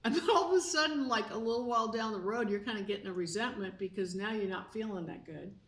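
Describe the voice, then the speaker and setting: A woman's voice: medium pitch, quick pace, fairly bright tone. A woman hosting a casual talk show with her husband, chatty and acting out little everyday dialogues. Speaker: host. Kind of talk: casual chat. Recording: echoey room, mic at a distance.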